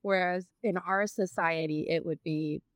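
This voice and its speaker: Low-voiced woman discussing a book. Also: steady tone, a little slow, dry recording. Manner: thoughtful, reads book passages aloud. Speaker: podcast co-host.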